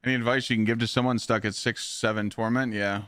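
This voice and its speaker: A man's voice: medium pitch, steady tone, fast, fairly bright tone, smooth, dry recording. A young man live-streaming a game, chatting casually in a rambling, profane way and answering viewers' questions. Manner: profane, rambling, reads chat aloud.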